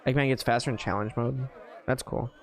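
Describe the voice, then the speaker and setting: A man's voice: mid-range voice, steady tone, fairly quick, creaky. A man streaming a game with casual commentary, chatty and rambling, with lots of filler words.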